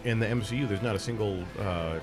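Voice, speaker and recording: A man's voice: on the low side, quick pace, music in the background. A man on a casual podcast, explaining and objecting point by point. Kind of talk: casual chat.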